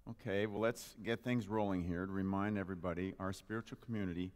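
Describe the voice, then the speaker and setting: A man's voice: low-pitched, steady tone, fast talker, darkish tone. A man giving a humorous, playful sermon to a live congregation, speaking into a microphone and drawing the audience in. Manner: playful, jokey, engages the audience. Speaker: spiritual practitioner giving a talk. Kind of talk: humorous Father's Day sermon. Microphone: handheld or stand microphone. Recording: long reverb of a hall.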